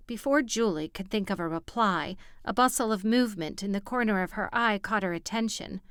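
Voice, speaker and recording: A woman narrating a romance audiobook in a steady, even storytelling manner, on a studio mic. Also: medium pitch, fairly quick, few pauses, clean tone, dry recording. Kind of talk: scripted narration.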